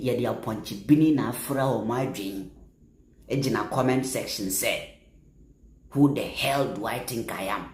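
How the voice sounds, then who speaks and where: A man's voice: medium pitch, a little mellow. Emphatic Ghanaian man in an echoey room. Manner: emphatic, repeats phrases, bursts of raised volume. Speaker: social media commentator. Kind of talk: impassioned political commentary.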